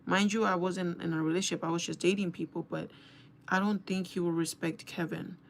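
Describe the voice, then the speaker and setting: Young female vlogger, fry-heavy voice, animated and profane, telling a story to camera. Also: lowish voice, a little fast, slight background noise. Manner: animated, swearing, quoting herself and others. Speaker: beauty vlogger. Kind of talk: casual storytime rant.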